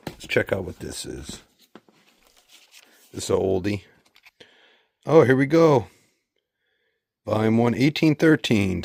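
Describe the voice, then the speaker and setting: A man's voice: on the low side, gravelly, no room sound. Chatty bookseller man, dry close sound. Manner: chatty and relaxed, reading off book titles. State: worn out after long days. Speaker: used and antiquarian bookseller. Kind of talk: casual show-and-tell vlog.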